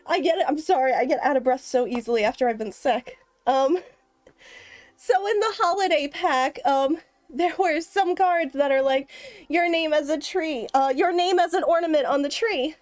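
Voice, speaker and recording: A woman's voice: high-pitched, normal speed, darkish tone, no echo. A woman streamer chatting casually on a live stream, rambling and giggling, out of breath.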